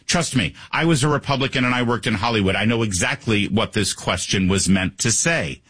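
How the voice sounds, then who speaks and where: A man's voice: a little fast, a bit bright, husky, no room sound. Sarcastic male talk radio host. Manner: sarcastic, pitch jumps high when mocking. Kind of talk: opinionated talk radio monologue.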